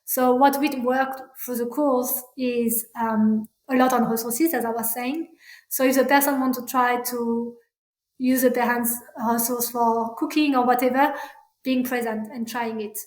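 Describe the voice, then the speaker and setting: A woman with a French accent speaks in a high, bright register. She answers an interviewer's questions hesitantly, restarting her sentences and filling gaps with ums. Her voice rings in a noticeably echoey room. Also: steady tone. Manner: halting, many fillers and restarts. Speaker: parental burnout practitioner, guest.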